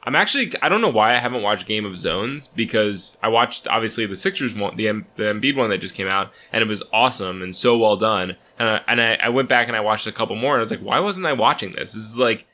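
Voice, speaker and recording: Man, young adult, podcast co-host, low pitch, bright forceful tone, rambling. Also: lively intonation, fast talker, hardly any pauses. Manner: rambling, restarts, lots of "like". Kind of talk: casual sports podcast chat.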